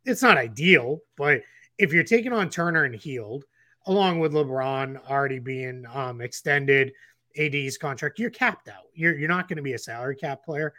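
A man's voice: medium pitch, animated, moderate pace, pushed and bright, no room sound, clean studio sound. A man co-hosting a casual basketball podcast, rambling with restarts and fillers. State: getting the hiccups. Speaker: podcast co-host analyst.

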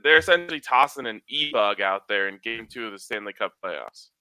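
A man's voice: mid-range voice, animated, fairly quick, bright, forceful tone, no room sound. A man hosting a casual sports podcast, joking and trash-talking as he runs through betting picks. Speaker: podcast host giving hockey betting picks.

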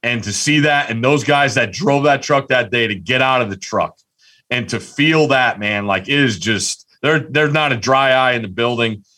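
A man co-hosting a casual sports podcast, telling a story excitedly with lots of restarts. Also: medium pitch, moderate pace. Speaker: podcast co-host.

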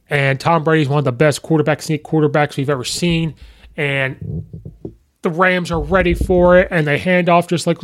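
A man hosting a podcast, recapping a football game in a rambling, excitable way and acting out fans' reactions. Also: a little high, smooth. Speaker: podcast host. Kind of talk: casual sports recap.

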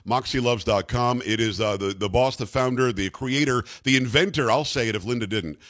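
A man's voice: medium pitch, fairly quick, a bit bright. An American man hosting a talk show interview, chatty and rambling, full of fillers and restarts. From United States. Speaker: radio talk show host.

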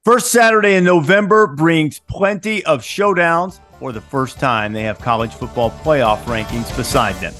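A man's voice: fairly high pitch, normal speed, hardly any pauses, a bit bright, faint music behind. A middle-aged man hosting a sports podcast, a wry storyteller who teases his co-hosts. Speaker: podcast host.

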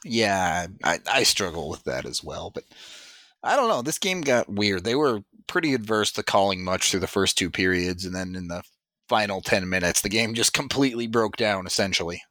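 A man hosting a podcast, talking through a game in a casual, measured way. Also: lowish voice, lively intonation, bright, forceful tone, no room sound. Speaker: podcast host. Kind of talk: casual sports analysis chat.

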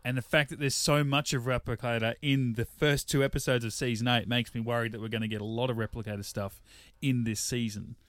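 An Australian man chats through a podcast episode, rambling from one thought to the next. His voice sits at a middling pitch and sounds close and dry, with no room around it. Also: fairly even intonation, a little fast, fairly bright tone, no echo. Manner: chatty, rambling, reads listener mail aloud. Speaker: podcast co-host. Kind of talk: casual chat.

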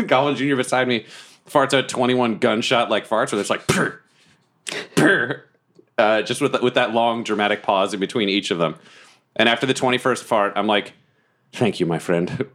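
A man's voice: mid-range voice, fairly even intonation, fairly quick, fairly bright tone, slight background noise. A man playing in a tabletop role-playing game, rambling and laughing as he narrates his character's actions. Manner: giggly, rambling, bursts into character voices. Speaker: player. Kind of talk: tabletop role-play, casual chat.

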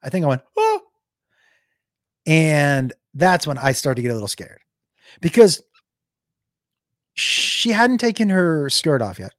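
A young man tells a comic story, his voice swinging up and down and leaping into loud bursts. The sound is dry and close, with no room around it. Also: on the high side, unhurried, long pauses, dry recording. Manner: animated, jumps into shouted impressions. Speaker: comedian. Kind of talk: comedic storytelling.

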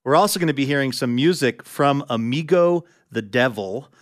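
A man hosting a radio show, wrapping up with smooth, upbeat announcements. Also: medium pitch, normal speed, no room sound, clean studio sound.

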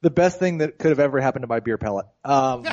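A man appearing as a regular guest on a fantasy football podcast, talking quickly and eagerly. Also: medium pitch, lively intonation, a little mellow, highs cut off. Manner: enthusiastic, quick, talkative. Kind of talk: casual podcast chat. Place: hotel.

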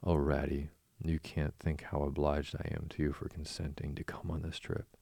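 A man's voice: rumbling low, monotone, moderate pace, creaky, warm tone, dry recording, heavily acted. A man voicing a dreamy, boastful male toad obsessed with motor cars, murmuring rapturously in a storybook reading. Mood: dreamy rapture.

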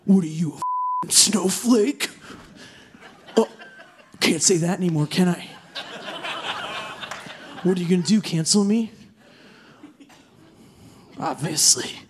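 A woman's voice: fairly low pitch, takes it slowly, pauses often. A woman doing a sneering edgelord comic. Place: theater stage with live audience. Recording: live crowd and noise in theater.

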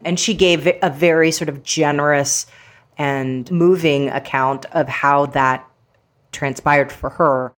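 A woman's voice: deep voice, fairly even intonation, takes it slowly. A woman guest, an actress and author, talking in a chatty, playful way with many fillers in a casual interview.

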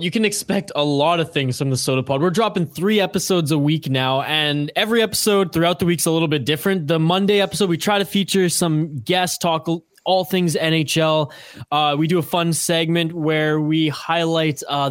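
Upbeat jokey guy on a podcast, kinda high voice, dry sound. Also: no room sound. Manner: upbeat, jokey, laughs often. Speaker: podcast co-host guest. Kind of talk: casual podcast chat.

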